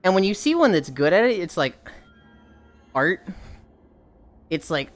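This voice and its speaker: A woman's voice: lowish voice, very animated, unhurried, pauses often. A woman livestreamer chatting casually with her viewers, rambling, sighing often and swearing offhandedly.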